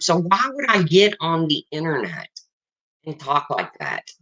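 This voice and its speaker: This livestream host, in their fifties, talks frankly to the chat in plain, casual language, circling back to the same points again and again. Their bright, forceful voice swings widely in pitch.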